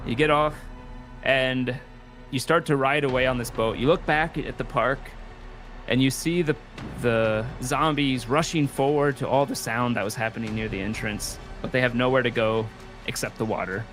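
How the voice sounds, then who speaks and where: Man game master, halting narration. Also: medium pitch, a bit bright, soft background music. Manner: hesitant, filler-heavy narration.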